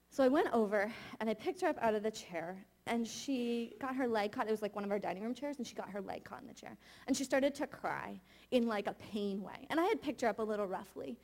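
A woman's voice: on the high side, fairly quick, darkish tone. A woman in her thirties preaching a sermon, telling a candid, confessional personal story.

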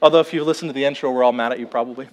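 A young man preaching a sermon, telling stories and acting out conversations with lively, playful delivery. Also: medium pitch, racing. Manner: animated storytelling, quotes himself and others. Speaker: pastor. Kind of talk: sermon with acted-out illustration.

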